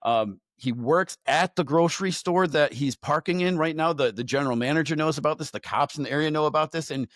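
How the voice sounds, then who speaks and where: Animated, candid man telling a faith story. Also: a little high, fairly quick, hardly any pauses, no room sound. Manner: animated storyteller who acts out his own thoughts; repeats words and restarts often. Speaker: podcast guest, entrepreneur.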